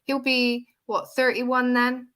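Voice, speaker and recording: A woman co-hosting a casual football chat, animated and laughing often. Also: high-pitched, slow. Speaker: football podcast co-host.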